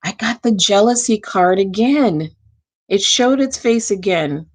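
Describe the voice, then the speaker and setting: Casting: woman tarot reader, unhurried, mid-pitched, chatty reading style. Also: lively intonation, darkish tone. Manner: slow, drawn-out, talks to the cards and angels.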